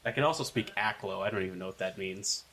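A man's voice: deep voice, quick pace, crowd noise, poor audio. A man playing a tabletop game with friends, making dry, wry jokes in casual chat. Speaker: player.

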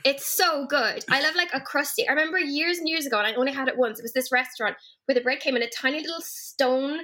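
Bright, chatty Irish woman. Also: high-pitched, quick pace. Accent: Irish, from Galway. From Ireland. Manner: chatty, animated storyteller, puts on quoted voices. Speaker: guest actor. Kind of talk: casual podcast chat.

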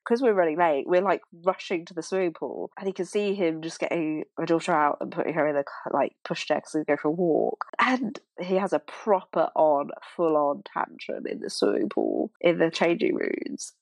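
A young British woman, a podcast guest, telling stories lively, acting out quotes and laughing. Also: deep voice, normal speed, hardly any pauses, no room sound. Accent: British English. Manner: animated, acts out quotes, laughs. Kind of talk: casual storytelling.

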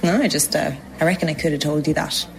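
An actress playing a quiet, wry young Irish woman in a film drama, speaking softly with an Irish accent. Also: low voice, fairly even intonation, quick pace, gravelly, a faint crowd, a little hiss or hum. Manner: soft, dry, understated.

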